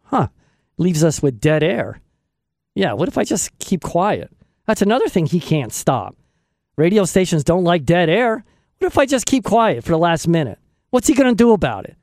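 Animated joking male radio host. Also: high voice, moderate pace, no echo, studio quality. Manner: joking, self-mocking, talks to himself. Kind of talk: casual rambling radio chat. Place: radio studio. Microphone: studio microphone.

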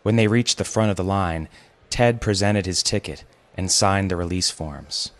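A man hosting and narrating a fiction podcast in a wry, deadpan manner. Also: low-pitched, normal speed, dry recording. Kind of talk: scripted narration.

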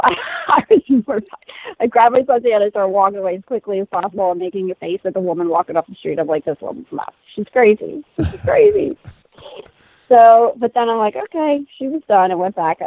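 A woman in her thirties tells a personal story in lively conversation, laughing and acting out what others said. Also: mid-range voice, fast talker, no room sound. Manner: animated, laughing, acts out quoted voices. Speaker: guest telling a personal story. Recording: tinny phone-like sound.

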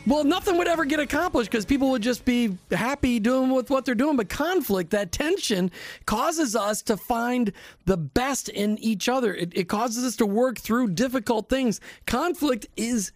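A man co-hosting a Christian marriage radio talk show, speaking in an animated, emphatic and lightly preachy way into a studio microphone. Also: extremely high pitch, normal speed, dry recording, faint music behind. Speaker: radio co-host.

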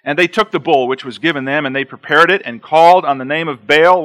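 A man's voice: on the high side, brisk, hardly any pauses, a bit bright. A man preaching an expository sermon, reading scripture aloud and breaking in with plain-spoken asides, repeating key phrases for emphasis. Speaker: pastor.

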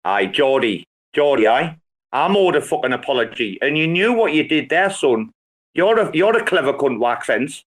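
A man's voice: medium pitch, sing-song, moderate pace. A young British man, a regular on a crypto chat call, swearing and teasing theatrically in casual banter.

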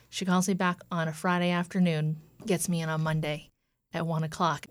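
A woman in her thirties tells her story in an earnest, lively way. Her voice sits low, and the recording is dry and close. She often quotes what others said to her. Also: moderate pace, dry recording. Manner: earnest, retelling with quoted dialogue. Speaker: guest. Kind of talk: personal story in an interview.

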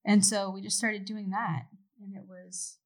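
A middle-aged woman from Oregon, a podcast guest in casual chat, telling animated stories with frequent laughs and the odd swear word. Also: medium pitch, measured pace, rough recording.

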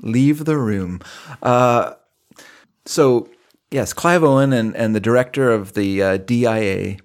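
A man's voice: lowish voice, a little mellow. A middle-aged man co-hosting a film podcast, recapping the plot in a rambling, casual way with many restarts. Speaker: podcast co-host.

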